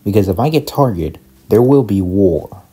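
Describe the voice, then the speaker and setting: Panicky low-voiced young gamer guy. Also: normal speed, breathy edge. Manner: excitable, panicky, talks to viewers. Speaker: gaming YouTuber. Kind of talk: casual Minecraft let's play commentary.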